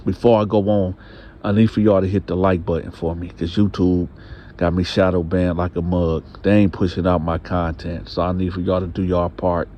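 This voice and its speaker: A man's voice: sits low, level tone, moderate pace, mellow, a little hiss or hum. A man hosting a casual storytime, restarting phrases and talking straight to his viewers. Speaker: storyteller, channel host.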